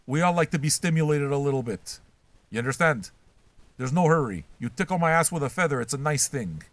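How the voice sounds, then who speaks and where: An older man hosting a record-reaction show, ranting casually and crudely and mocking people as he shouts. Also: a little high, animated, brisk, no room sound. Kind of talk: casual profane rant.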